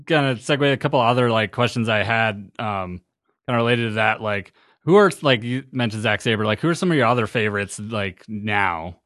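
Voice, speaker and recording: A man's voice: fairly low pitch, brisk, a bit bright, no echo, studio quality. A man hosting a podcast, chatting eagerly with loose phrasing and chuckles. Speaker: podcast host. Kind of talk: casual interview chat.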